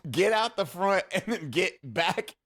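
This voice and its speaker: A man with a fairly high, bright voice that swings lively up and down as he jumps in with jokes during a casual group chat. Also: measured pace. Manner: joking, chimes in.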